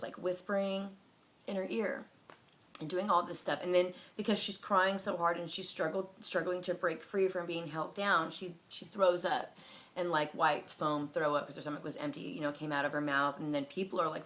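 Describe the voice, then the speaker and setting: A woman's voice: lowish voice, a bit bright. A woman in her thirties telling a personal story in a casual, rambling way, full of fillers and restarts. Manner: rambling, filler-heavy, many restarts and likes. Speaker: personal testimony vlogger.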